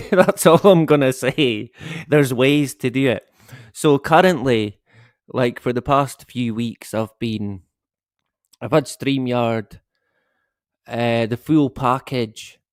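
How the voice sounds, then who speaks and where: A man with a mid-range voice hosts a casual live stream from home, rambling with viewers and chuckling often while his dog snores behind him. The recording is dry and clean, with studio-quality sound.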